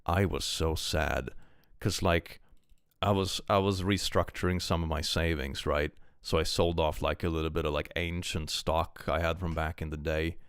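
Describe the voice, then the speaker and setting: A man from Sweden with a Swedish accent, streaming casually and reading viewer messages, jokey and animated, swearing freely and swinging between mock gloom and excitement. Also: low voice, normal speed, clear, resonant tone, no room sound, studio quality.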